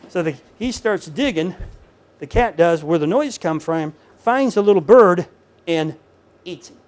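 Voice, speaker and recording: A man lectures to a live audience in a room, talking plainly and earnestly. He tells personal stories and swings from near-whispers to loud punchlines, in a voice a little higher than most men's. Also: animated, unhurried, no room sound. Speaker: lecturer at professional workshop. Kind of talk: conversational lecture.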